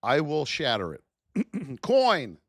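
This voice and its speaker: This trading livestream host speaks slowly in a high, animated voice that rises and falls freely. Chatty and blunt, he tells stories straight to his audience. His audio is dry and up close, with no room around it.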